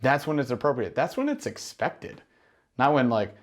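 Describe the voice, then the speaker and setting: This business coach for gym owners delivers a forceful teaching monologue, firing off rhetorical questions and playing out sample conversations. He talks at a moderate pace in a medium pitch with dramatic rises and falls.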